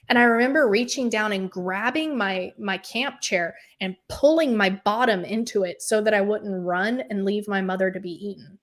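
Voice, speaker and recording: A woman telling a personal story in casual, animated talk, often saying "like" and acting out what people said. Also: medium pitch, normal speed, hardly any pauses. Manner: animated, acts out quoted voices. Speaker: podcast host appearing as guest.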